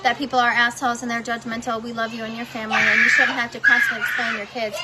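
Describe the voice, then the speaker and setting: A woman's voice: fairly high pitch, level tone, fast talker, heavy background noise. A woman talking casually in her home kitchen while cooking with her child, blunt and heated, swearing freely. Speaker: parent vlogger.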